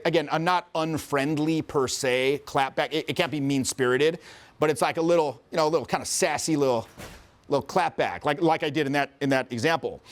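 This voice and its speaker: Profane, animated middle-aged man coach. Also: a little high. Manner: profane, animated, acts out quoted voices. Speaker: social skills coach. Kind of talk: casual storytelling interview.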